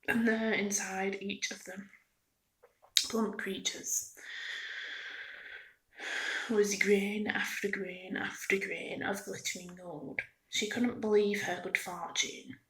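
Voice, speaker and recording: A woman reading a storybook aloud in a soft-spoken ASMR style, often drifting into a whisper. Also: mid-range voice, poor audio. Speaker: ASMR reader.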